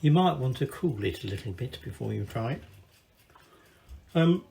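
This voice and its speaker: This Scottish host has a mellow, expressive medium-pitched voice with vocal fry, speaking at a normal pace. He rambles cheerfully through a recipe in his echoey home kitchen, swearing along the way for his casual cooking video.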